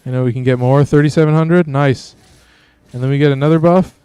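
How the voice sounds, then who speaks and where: A man hosting a game stream, chatting in a laid-back way with bursts of excitement. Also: medium pitch, brisk, clean tone, dry recording. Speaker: streamer host. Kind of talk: gameplay commentary.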